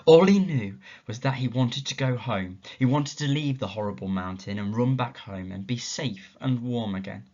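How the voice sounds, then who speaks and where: A man's voice: medium pitch, moderate pace, hardly any pauses, darkish tone. A male teacher reading a story aloud expressively at a school assembly and asking the children questions. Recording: dull, muffled lo-fi recording.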